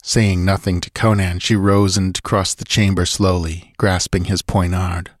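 A man reading an adventure story aloud in a steady, measured narration. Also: low-pitched, no room sound, clean studio sound. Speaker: audiobook narrator. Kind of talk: scripted narration.

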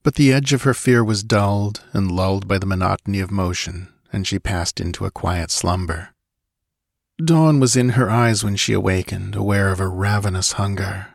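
A man narrates a pulp adventure story in a measured storytelling voice. His voice sits low. The recording is close and dry, with no room sound. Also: creaky, no echo. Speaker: audiobook narrator. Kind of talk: scripted narration.

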